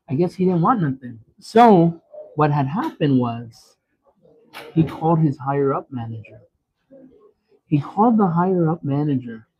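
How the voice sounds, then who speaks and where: Husky-voiced man telling a dramatic story. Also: on the high side. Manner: dramatic, exclaiming, repeats himself. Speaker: mukbang vlogger. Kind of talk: animated storytelling vent. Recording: tinny phone-like sound.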